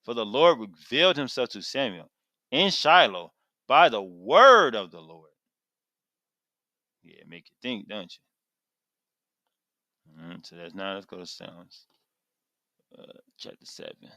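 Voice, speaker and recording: A man teaching scripture with big swings in pitch, rising high when stirred and dropping low to muse. His voice is bright and forceful and sounds close and dry. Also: big pitch swings, measured pace, long pauses, no room sound. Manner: emphatic, retells scripture in casual vernacular. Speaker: Bible teacher. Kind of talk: animated Bible teaching.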